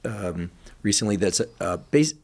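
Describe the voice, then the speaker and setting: A man's voice: on the low side, expressive, measured pace, creaky, darkish tone. A man interviewing a guest in casual conversation, speaking politely with frequent hesitations and fillers.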